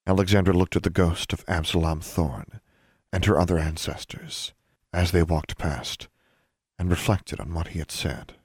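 A man with a low, slightly rough voice narrates an audiobook, keeping his storytelling measured and even. The recording is dry and studio quality.

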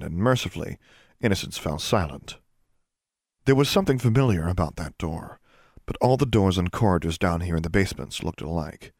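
A man narrating a fantasy audiobook in a steady, measured storytelling manner. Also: sits low, no room sound, studio quality. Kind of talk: scripted narration.

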